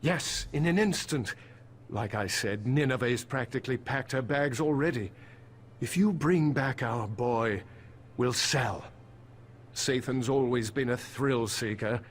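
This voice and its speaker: A man's voice: medium pitch, a little slow, a little hiss or hum, lightly acted. An actor playing a worried male farmer, a former financier and weary husband, polite and anxious. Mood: eager. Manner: polite, anxious, put-upon. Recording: game audio with soft music behind.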